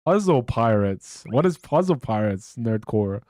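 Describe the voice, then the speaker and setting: A man's voice: medium pitch, big pitch swings, a little slow, dark tone. A young man streaming a game, chatting casually with a stuffy nose, rambling and swearing often. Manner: rambling, swears a lot, restarts sentences. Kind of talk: casual live-stream chat.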